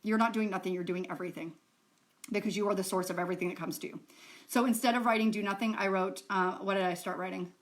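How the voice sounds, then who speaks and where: A woman's voice: mid-range voice, fairly even intonation, fast talker. A woman who is a self-help coach, teaching in a chatty, rambling way to camera, swearing casually now and then.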